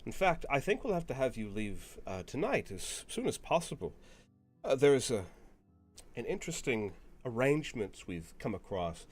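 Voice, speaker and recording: A man voicing a flustered, excitable scholarly noble father who stumbles and hesitates eagerly. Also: mid-range voice, normal speed, faint music behind.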